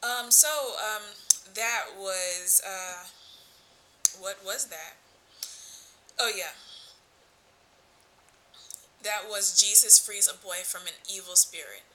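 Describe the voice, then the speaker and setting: A woman's voice: mid-range voice, slow, bright, forceful tone, slight background noise, poor audio. A woman hosting a casual Bible talk, rambling, losing her thread and searching aloud for her point. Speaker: Bible study host.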